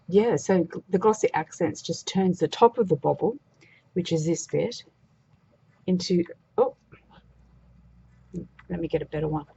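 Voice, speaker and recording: A woman's voice: lowish voice, husky, lo-fi sound. A woman demonstrating a craft project in a chatty, casual way, thinking aloud as she works. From Australia.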